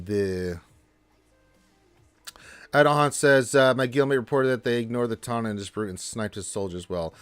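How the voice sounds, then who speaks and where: While running a relaxed gaming livestream, a man goes through his viewers' chat messages in a chatty, unstructured style, often starting over and suddenly raising his pitch.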